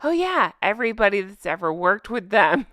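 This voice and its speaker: A woman vlogger talks straight into a close microphone in casual, sarcastic commentary. Her voice is smooth and clear, dry with no room sound, and she stays animated and laughs often. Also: mid-range voice, normal speed, no room sound. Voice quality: self-described drunk-goose voice.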